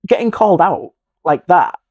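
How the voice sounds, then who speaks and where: Here a middle-aged paranormal investigator from England tells a ghost story in a casual chat, speaking at normal speed in a high voice. He's animated throughout, imitates the voices of the people involved, and falls to a hushed tone.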